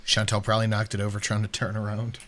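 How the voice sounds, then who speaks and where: A man co-hosting a casual reaction stream, jokey and animated, thanking viewers as he goes. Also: on the low side, quick pace, a crowd in the background. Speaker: livestream co-host.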